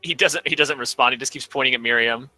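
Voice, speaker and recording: Bright, laughing man running a game. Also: medium pitch, fast, dry recording, faint music behind, rough recording. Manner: laughs often while narrating. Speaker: game master. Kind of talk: narrating a tabletop game.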